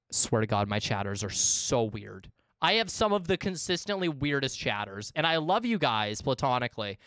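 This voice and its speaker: A young man livestreaming a game, chatting with his viewers in a bright, high-leaning voice that swings up and down. The sound is close and dry, with a smooth, clear tone. He keeps it casual and animated, swearing freely as he goes. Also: dry recording. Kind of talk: casual gaming stream chat.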